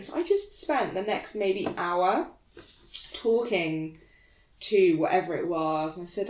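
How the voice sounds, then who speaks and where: A woman co-hosting a casual podcast, spinning a story with lots of laughter and acted-out quotes. Her voice sits at an ordinary middle pitch. The room around her is echoey. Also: a little slow. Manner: animated, laughing, acts out quotes. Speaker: podcast co-host.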